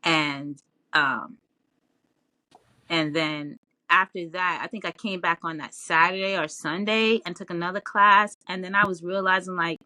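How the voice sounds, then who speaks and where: A woman telling her story as an interview guest in a casual, animated way, often laughing and raising her voice when she quotes herself. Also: fairly low pitch, a little slow, no room sound. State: tearful at times.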